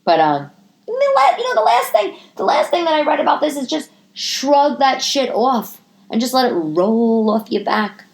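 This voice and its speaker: A woman hosting a casual solo podcast from her living room, talking in an animated, profane way, with her pitch swinging up into high exclamations. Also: moderate pace, vocal fry. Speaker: podcast host.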